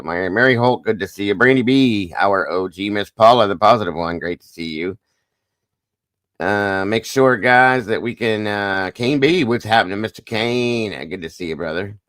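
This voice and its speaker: Male livestream host, lowish voice, dry close sound, rattles off viewer greetings. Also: a bit bright, no echo. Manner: upbeat, greets viewers by name one after another. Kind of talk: casual livestream chat.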